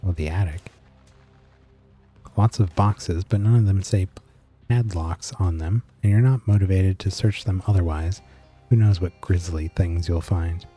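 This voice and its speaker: A man streaming a game, narrating it with dry, deadpan, wry asides. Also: low voice, slightly rough.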